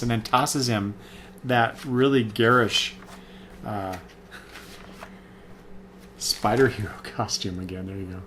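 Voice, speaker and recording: A man's voice: medium pitch, unhurried, fairly bright tone, slight background noise. A man giving a casual, rambling spoken review of comics, full of fillers and self-corrections.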